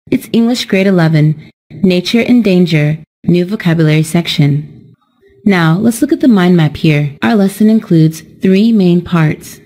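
A young woman narrates a scripted English lesson as a teacher. She speaks slowly and carefully and explains each point. Her voice is mellow and a little low.

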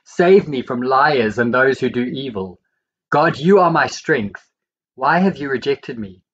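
A man reading the Bible aloud, verse by verse, in a steady and measured way. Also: medium pitch, breathy edge, lo-fi sound. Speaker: Bible reader.

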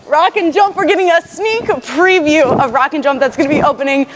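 High-voiced woman, out of breath, playful radio host, noisy recording. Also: fairly quick. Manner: giggly and playful, breathless from jumping. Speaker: radio morning show host. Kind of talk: casual on-location chat. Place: indoor trampoline park.

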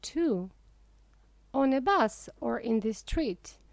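Slow, careful woman audiobook reader. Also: on the high side, animated, creaky, no echo. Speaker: audiobook narrator. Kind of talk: slow audiobook reading for English learners.

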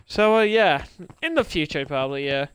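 A young man streaming a game, chatting casually and excitably with many fillers and laughs. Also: a little high, moderate pace, a little hiss or hum. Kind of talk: casual gaming chat.

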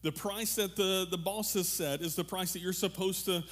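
A pastor giving a relaxed, conversational sermon to his congregation, joking with them and restarting his sentences often. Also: high voice, moderate pace. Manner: casual, animated, joking, many fillers and restarts. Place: church room with a congregation.

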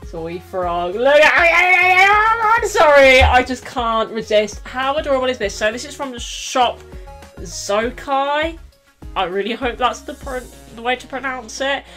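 A woman's voice: high voice, normal speed, fairly bright tone, soft background music. A young woman from the UK, a bubbly, self-mocking vlogger chatting casually through an unboxing, a little out of breath. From United Kingdom. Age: young adult. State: slightly out of breath.

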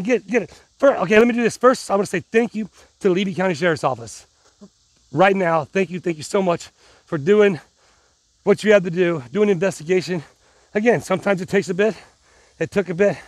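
A man's voice: high voice, dry recording. A middle-aged man vlogging casually to his viewers, rambling and restarting, pumped up on adrenaline. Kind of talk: casual vlog talk to viewers.

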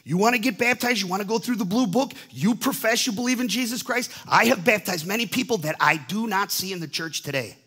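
A pastor in his fifties delivers a sermon with real fervor, often restarting and repeating himself. His voice is high and husky. He slips into the voices of the people in his stories as he preaches. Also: a little fast, few pauses, pushed and bright. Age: 50s. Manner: impassioned, acts out voices in dialogue, repeats words.

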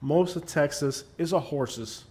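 A man's voice: on the high side, a little slow, a little mellow. A man hosting and narrating a comedy video in a mocking, sarcastic tone. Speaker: host.

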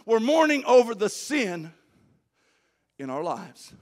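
High-voiced preaching man. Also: big pitch swings, slow pace. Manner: preaching, swings from low hushed lines to shouted exhortation. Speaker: pastor. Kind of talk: sermon.

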